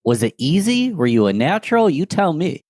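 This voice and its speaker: A man's voice: fairly high pitch, sing-song, fairly quick, darkish tone, dry recording. A man hosting a business podcast, earnestly asking questions and often rephrasing as he goes. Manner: earnest, rephrases and restarts, uses emphatic questions. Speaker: podcast host. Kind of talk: interview questions.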